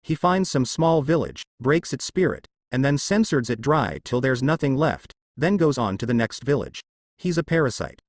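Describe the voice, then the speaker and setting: A calm, composed male ninja sensei, as a man reading a fan story voices him. He speaks in a measured way. The sound is dry and close, and his pitch moves with life. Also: no room sound.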